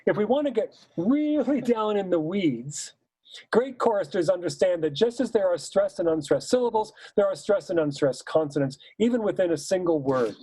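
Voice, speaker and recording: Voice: medium pitch, expressive, normal speed, dark tone, breathy edge, no room sound, rough recording. A choral conductor leading a recorded teaching seminar. They explain patiently, point by point, and say example words both the wrong way and the right way. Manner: explains patiently, stepping through points one by one. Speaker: choral conductor and clinic leader.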